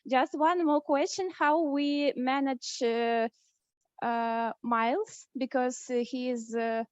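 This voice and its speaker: Halting high-voiced woman chairing a contest. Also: fairly even intonation, no room sound. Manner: halting, many fillers and restarts. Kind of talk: hesitant meeting chairing. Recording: dull lo-fi sound.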